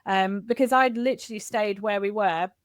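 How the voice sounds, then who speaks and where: A middle-aged woman from Kent, a guest in a candid podcast interview, telling stories in an animated, expressive way. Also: mid-range voice, moderate pace, no room sound, clean studio sound. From Kent, England.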